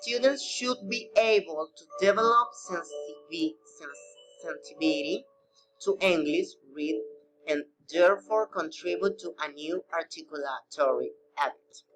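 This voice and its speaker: A man teaching a recorded English pronunciation lesson, reading slowly with non-native phrasing. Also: on the high side, a bit bright, faint music behind, low-quality recording.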